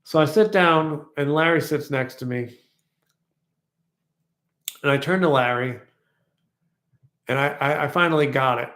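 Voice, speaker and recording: A man telling a personal story in a casual vlog, reflective and rambling, slowly repeating affirmations. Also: fairly high pitch, fairly bright tone, echoey room. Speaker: vlogger.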